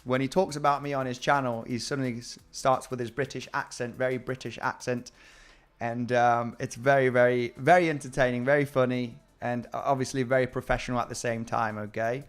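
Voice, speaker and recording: A man's voice: medium pitch, flat delivery, brisk, clean tone. Chatty man giving crypto market commentary. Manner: chatty, calls viewers guys, repeats words. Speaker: crypto trading streamer. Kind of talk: casual live-stream market commentary.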